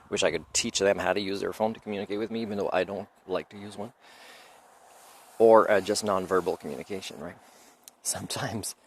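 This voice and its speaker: Man, French accent, low voice; digressive, opinionated vlog chat outdoors with faint road noise. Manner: opinionated, digressive, chuckles often. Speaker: vlogger. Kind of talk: rambling roadside monologue. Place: outdoors by a road, on a motorcycle trip.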